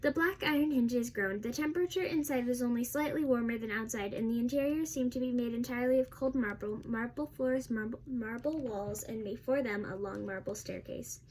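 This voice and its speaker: High-voiced woman reading a children's novel. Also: a little fast, few pauses, a little hiss or hum. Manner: steady storytelling with small slips and restarts. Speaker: audiobook reader.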